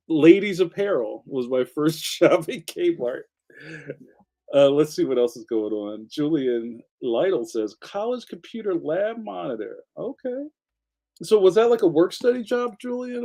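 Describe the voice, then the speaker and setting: Chatty man reading comments. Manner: chatty, laughs often, animated pitch jumps. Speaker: livestream host. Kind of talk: casual chat reading viewer comments.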